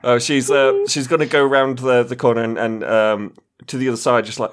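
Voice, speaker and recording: A man narrating his character's moves in a casual tabletop game, halting with restarts. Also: medium pitch, fairly even intonation. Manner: halting, many fillers and restarts.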